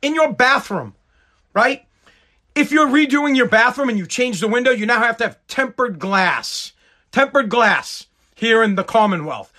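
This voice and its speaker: A man from the United States delivers a profane live-stream rant in a strikingly high voice. His tone is sharp and bright. He is sarcastic and mocking the whole way through. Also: animated, a little slow.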